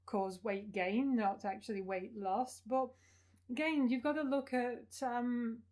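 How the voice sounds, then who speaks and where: A woman co-hosting a fitness podcast, talking in a chatty way full of "like" fillers and quick asides. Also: on the high side, steady tone, a little mellow. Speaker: podcast co-host, fitness coach. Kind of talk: casual chat.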